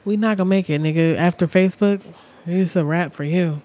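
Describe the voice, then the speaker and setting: A woman's voice: fairly low pitch, brisk, mellow. A woman co-hosting a podcast who chats casually in a dry, teasing way, often with short replies. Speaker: podcast co-host. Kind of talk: casual chat.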